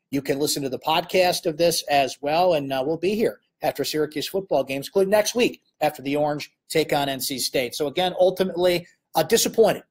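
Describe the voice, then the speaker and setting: A man hosting a live postgame sports chat, talking casually and animatedly with frequent fillers. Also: on the high side. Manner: animated, conversational, many fillers. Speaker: sports columnist host.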